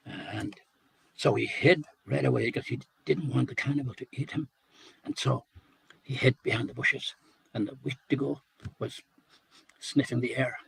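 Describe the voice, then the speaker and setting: A man telling a traditional folk tale, unhurried and repeating phrases for rhythm. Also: medium pitch, vocal fry, husky, no room sound, rough recording. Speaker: storyteller. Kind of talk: oral folk storytelling.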